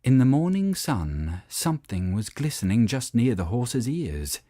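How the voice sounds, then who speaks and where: A man narrating a children's story in an expressive, playful reading style. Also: mid-range voice, unhurried, dry recording, clean studio sound.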